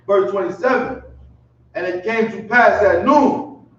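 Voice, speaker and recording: A man's voice: high-pitched, measured pace, fairly bright tone. A man reading Bible verses aloud in a Bible study and answering the teacher with short affirmations. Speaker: scripture reader. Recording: distant, very echoey, dull and lo-fi.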